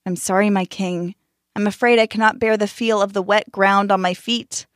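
A woman's voice: medium pitch, fairly even intonation, normal speed, dry recording, clean studio sound, lightly acted. A woman voicing a fussy female swamp hen in a storybook, speaking in a prim, squeamish way.

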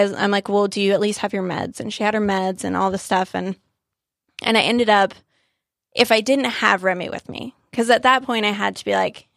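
An earnest woman in her thirties recounts a moving encounter, slipping into the voices of the people she met. Her voice has a gravelly fry, and the recording is dry and close, with no room sound. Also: medium pitch, a bit bright, no room sound. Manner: earnest, emotional retelling with quoted dialogue. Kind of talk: casual storytelling chat.

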